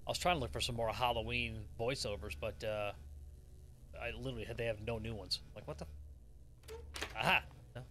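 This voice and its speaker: A young adult man giving excitable, profane horror gameplay commentary and laughing often. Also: medium pitch, fairly quick, long pauses, a little hiss or hum. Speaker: gaming streamer.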